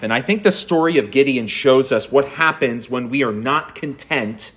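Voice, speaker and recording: A man's voice: mid-range voice, animated, normal speed, hardly any pauses, a bit bright. A man giving a conversational sermon as a pastor, reading film dialogue and talking with frequent fillers and restarts.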